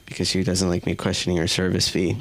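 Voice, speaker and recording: A man's voice: low-pitched, completely flat delivery, quick pace, slight background noise. A man doing a stand-up set in a small comedy club, self-deprecating and chatting with the crowd.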